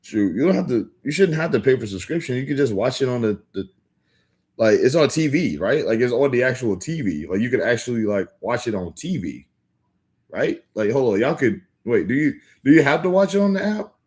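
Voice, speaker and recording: A young man chatting casually with viewers on a livestream, rambling with lots of filler words and quick restarts. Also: medium pitch, lively intonation, a little mellow. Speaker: livestream host. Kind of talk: casual live-stream chat with viewers.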